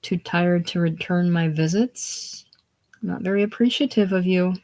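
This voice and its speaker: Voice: mid-range voice, a little slow, a little mellow, natural voice. A reader voicing a sickly, lonely older man with a grandiose, self-pitying manner in a casual play reading. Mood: brooding. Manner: theatrical, brooding, self-pitying.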